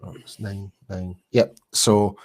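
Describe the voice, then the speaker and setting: A man's voice: fairly low pitch, flat delivery, slow pace. A man with a Glaswegian accent, a podcast guest chatting casually with many fillers and restarts. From Scotland. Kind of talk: casual chat.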